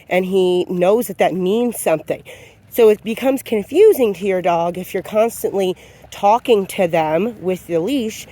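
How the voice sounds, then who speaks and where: A woman dog trainer gives a calm, low-key lesson on leash handling while walking outside, talking with many fillers. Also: a little hiss or hum. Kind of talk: outdoor training demonstration. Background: passing vehicles.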